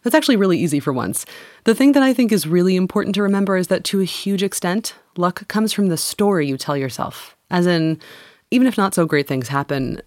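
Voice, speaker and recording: Upbeat podcast co-host, dry close sound. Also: female voice, on the low side, darkish tone, no echo. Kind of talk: casual podcast chat.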